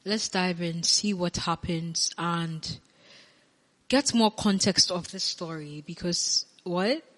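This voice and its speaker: A woman's voice: on the low side, slow pace. A woman hosting a reaction video, chatting to viewers and repeating her points. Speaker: reaction channel host. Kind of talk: reaction commentary. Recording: long reverb in a room.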